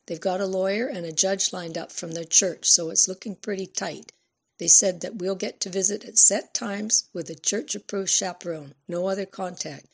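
A woman reading an audiobook voices a worried mother talking her daughter down quietly. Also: medium pitch, fairly even intonation, moderate pace, gravelly, breathy edge. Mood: urgent. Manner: quiet, urging, reassuring.

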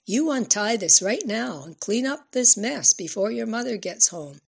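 A woman's voice: a little high, expressive, normal speed, gravelly, slightly rough, pitched above the performer's own voice, full character voice. A woman reading an audiobook voices a stern, commanding middle-aged stepfather.

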